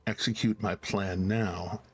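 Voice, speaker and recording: Rich: A secretive man talking through an enchanted stone in a tabletop game, brief and businesslike, as the game master puts him on. He gives his orders flatly, with no accent, and the voice stays close to everyday speech. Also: sits low, slow pace, soft background music. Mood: terse. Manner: flat, unaccented delivery. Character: secretive male contact speaking through a stone.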